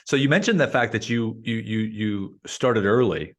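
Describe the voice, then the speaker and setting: A man with a fairly low voice hosts a casual interview. He asks long questions that wander and restart, and he repeats words as he finds his way. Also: normal speed. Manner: rambling questions with many restarts. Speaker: interview host.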